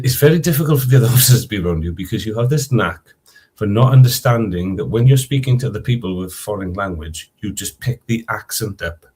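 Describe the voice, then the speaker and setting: A man chatting casually on a video call, telling rambling stories in a soft-spoken way. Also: fairly low pitch. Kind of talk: casual chat.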